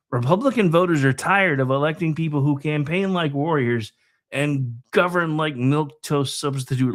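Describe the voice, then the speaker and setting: Sarcastic male political talk host. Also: fairly high pitch. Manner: sarcastic, digressive, swings loud and soft. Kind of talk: political commentary monologue.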